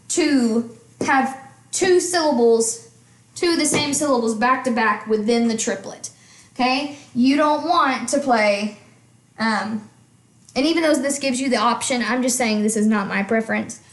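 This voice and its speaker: A woman teaching music in a relaxed, conversational way, her voice sitting a little on the high side. She keeps checking in with her listener as she explains. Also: a little slow, roomy sound. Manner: chatty, checks in with frequent "okay?". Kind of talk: casual instruction.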